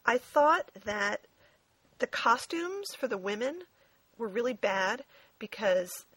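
A woman's voice: fairly high pitch, sing-song, slow pace, a bit bright, breathy edge, no room sound. Frank, chatty woman reviewing a movie. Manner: frank and chatty, swears freely, many ums. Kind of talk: casual review chat.

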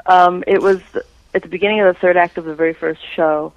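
Animated woman, dull lo-fi sound. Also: fairly low pitch, brisk, no room sound. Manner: animated, breaks into playful impressions. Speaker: creator and artist being interviewed. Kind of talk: casual interview chat.

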